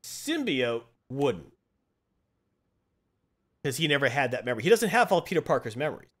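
A man's voice: mid-range voice, sing-song, normal speed, a bit bright. A man hosting a casual chat, retelling a comic plot and acting out the quotes as he goes. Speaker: podcast host.

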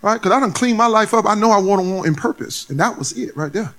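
High-voiced preacher man, bright and lively. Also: quick pace. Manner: playful storytelling, builds to shouted preaching. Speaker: pastor. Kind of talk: sermon.

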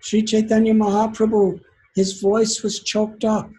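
Male preacher, slightly high voice, very slow, earnest storytelling sermon. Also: completely flat delivery, warm tone, breathy edge, low-quality recording. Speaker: spiritual teacher.

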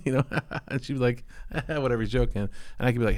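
A man's voice: mid-range voice, smooth, no room sound, studio quality. A man co-hosting a casual business chat, joking and acting out customer scenes as he gives advice. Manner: fast, joking, animated storyteller. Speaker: podcast co-host, lash business partner.

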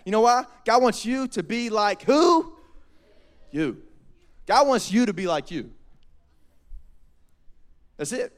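A young man, preaching a lively, joking youth sermon. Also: very high voice, slow pace, pauses often. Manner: animated, joking, quotes people in voices. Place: church hall.

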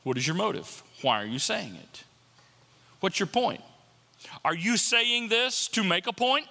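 A man's voice: high voice, animated, unhurried, gravelly, sharp tone, long reverb tail. A man preaching a sermon as pastor, talking conversationally and repeating rhetorical questions to the congregation.

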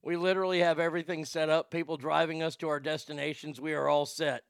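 A man's voice: a little high, little pitch movement, quick pace, vocal fry, clear, resonant tone, no echo, clean studio sound. A male radio host giving blunt, vulgar, mocking comedic commentary.

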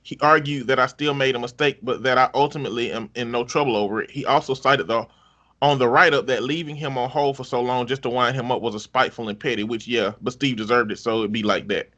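A man's voice: mid-range voice, steady tone, quick pace, bright, forceful tone, lo-fi sound. A man hosting a podcast, casually reading online stories aloud with wry laughs and swearing.

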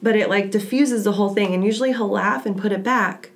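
A woman in her thirties talks in a relaxed, casual way about raising a toddler. She tells stories in an animated way and acts out the voices. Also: medium pitch, fast talker. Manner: animated storyteller acting out her kid. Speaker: podcast co-host, mother of a toddler. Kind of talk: casual chat.

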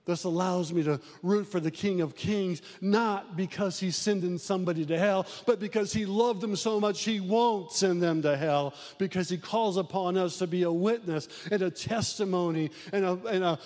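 High-voiced preaching man in a hall. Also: a little mellow. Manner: preaching with emphatic rises and sudden drops. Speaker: pastor. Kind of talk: sermon.

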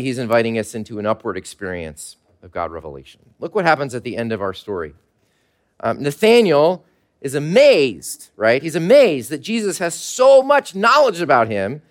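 Animated man preaching a conversational sermon. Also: medium pitch. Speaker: pastor. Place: church service held in a mall.

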